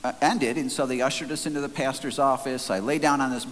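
Talking fast in a steady, fairly bright, medium-pitched voice, a man delivers sermon storytelling in an earnest, conversational way with frequent restarts. Faint hiss and long hall reverb color the recording.

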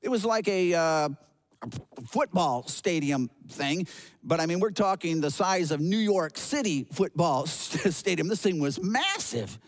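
A man telling a first-person sermon story in an animated way, often stumbling and restarting his words. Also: high voice, unhurried.

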